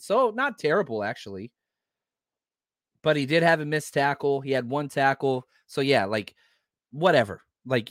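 A man hosting a casual sports podcast, his voice sitting a little high for a man. He rants with heat and some profanity, swinging from loud bursts down to quiet muttered asides. The sound is dry and close, with no room around it. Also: no echo. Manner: heated, profane, swings between loud outbursts and low asides. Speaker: podcast host.

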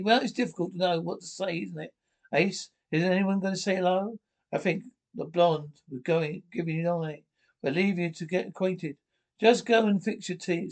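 British sitcom banter, high-pitched and squabbling. Lines fly back and forth in a quick comic rhythm. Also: male voice, a little mellow.

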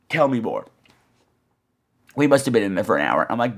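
A man's voice: fairly low pitch, a little fast, pauses often. A man hosting a podcast, telling a comic story and swooping in and out of voices. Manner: animated, swoops into voices and gasps. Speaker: podcast host.

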